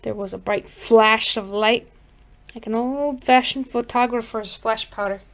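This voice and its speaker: A woman reading a horror book aloud in a deliberate manner. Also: fairly high pitch, steady tone, a bit bright, rough recording. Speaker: reader. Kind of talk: audiobook narration.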